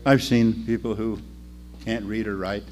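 A man preaching a sermon, telling the story in an animated way that swings between loud and quiet. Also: fairly low pitch, measured pace, soft background music.

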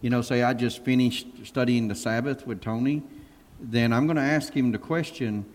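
A pastor telling lively stories and acting out the quotes as he goes. His voice sits at a middle pitch, and a long reverb trails behind it in the room. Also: moderate pace. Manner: animated storyteller who acts out quotes and laughs. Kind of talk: casual panel discussion.

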